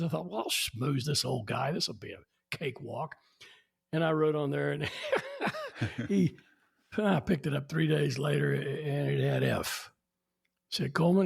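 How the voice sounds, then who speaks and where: As a podcast guest, this man in his 70s speaks on the high side with vocal fry and slight roughness. He tells anecdotes with animation, imitating the people he quotes.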